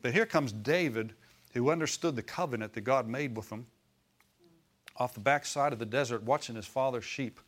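A male pastor delivers a sermon conversationally, frequently posing questions to the congregation and acting out the voices in quotes. His voice sits in the mid range, with a moderate pace and a fairly bright tone.

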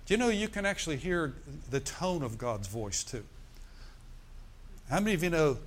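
A middle-aged man preaching to his congregation, his voice sitting a touch higher than most men's. He keeps checking in with the room, tossing in an "amen" or a "hallelujah" as he goes. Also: very animated, normal speed. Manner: preaching with call-and-response asides. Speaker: pastor. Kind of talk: sermon.

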